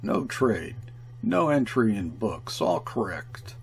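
A man reading aloud, voicing a calm, cunning male station clerk in short, broken phrases, slow and gravelly. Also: on the low side, a little hiss or hum, full character voice.

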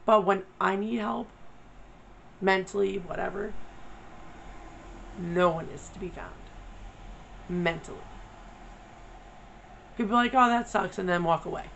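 A woman's voice: mid-range voice, unhurried, creaky, pauses often, highs cut off, a little hiss or hum. A woman vlogger talking candidly, blunt and profane, venting her frustration. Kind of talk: candid personal vlog.

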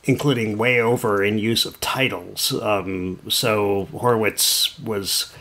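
Male podcast co-host, lowish voice, wry and musing, halting casual delivery. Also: steady tone, sharp tone. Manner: thoughtful, wry, pauses often with fillers. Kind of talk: casual chat.

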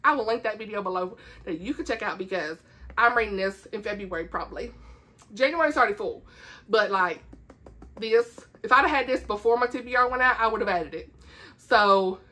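A woman's voice: mid-range voice, a little fast, sharp tone. A chatty woman with a Southern US accent, showing off her book haul in a casual vlog and laughing often. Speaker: book vlogger.

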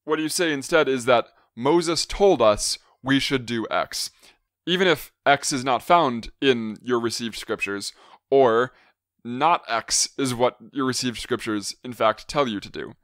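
A man co-hosting an academic podcast, laying out a scholarly argument and then disagreeing with it in a measured, critical way. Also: mid-range voice, a bit bright, no room sound, studio quality. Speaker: podcast co-host.

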